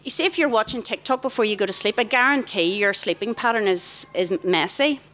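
A middle-aged woman, giving an animated talk to young people in a festival tent and questioning the crowd directly. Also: medium pitch, a little fast. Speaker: youth event speaker. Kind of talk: interactive talk to a young audience. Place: large festival tent, live audience.

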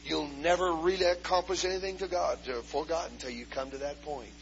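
A man preaching a fervent Pentecostal sermon, punctuating with hallelujahs and "uh" fillers and climbing into shouts, on a dull lo-fi 1970s tape. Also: a little high, brisk, a little hiss or hum.

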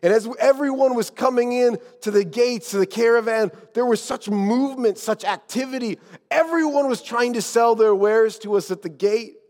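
A preacher with a high voice tells a sermon as a first-person story, shifting from lively telling to hushed tones. His voice carries a long echo from a large hall. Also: normal speed. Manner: dramatic, dropping to hushed tones.

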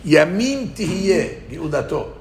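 A man's voice: fairly high pitch, very animated, slow, gravelly, darkish tone, a little hiss or hum. A man teaching a Talmud class, thinking aloud and restarting often, with Hebrew and Aramaic terms mixed into his English.

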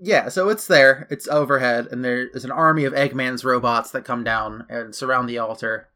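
A man's voice: mid-range voice, normal speed, bright, forceful tone. A man casually recapping a video game story, chatty with loose asides. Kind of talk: casual chat.

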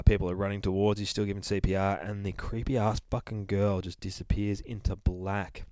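A man with a lowish voice tells a horror comic's plot in a loose, profane ramble. He swears nonstop and jumps into the characters' lines as he goes. The sound is dry and close, with no room around it. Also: clear, resonant tone, no echo. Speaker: comic book podcast host. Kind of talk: casual profane comic recap.

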